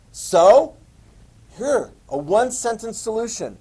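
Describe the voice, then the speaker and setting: A man teaching a history class, quizzing students with questions and joking asides in an animated lecture. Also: high voice, unhurried, poor audio.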